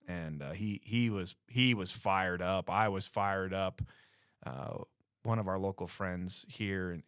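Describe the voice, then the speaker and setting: A man from Colorado with a deep, low voice tells a story as a guest, casual and animated, acting out the quotes. The sound is dry and close, with little room echo.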